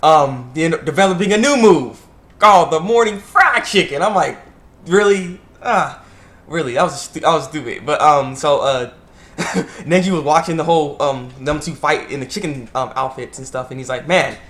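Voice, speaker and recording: A man giving a casual, rambling video review, excitable and often laughing. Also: on the high side, moderate pace. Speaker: anime reviewer.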